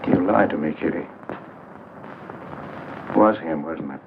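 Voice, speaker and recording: A man's voice: a bass voice, measured pace. An actor playing a meek, lovesick older man who pleads and stammers, in 1940s film acting. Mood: pleading. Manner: hesitant, stammering. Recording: tinny noisy 1940s film soundtrack.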